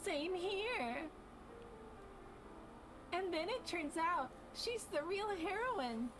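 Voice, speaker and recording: A woman in a casual stream clip, gushing and excitable. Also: extremely high pitch, very slow, noisy background. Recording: clip with loud background music.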